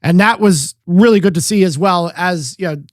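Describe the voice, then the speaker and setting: Podcast co-host, man, high-pitched, dry close sound, rambling and profane sports talk. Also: normal speed, dry recording. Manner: profane, rambling, lots of fillers. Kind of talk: casual sports chat.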